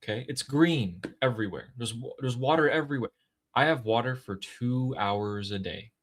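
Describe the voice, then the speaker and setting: A man's voice: mid-range voice, moderate pace. A man hosting a political commentary talk, with a mocking, conversational manner. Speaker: host.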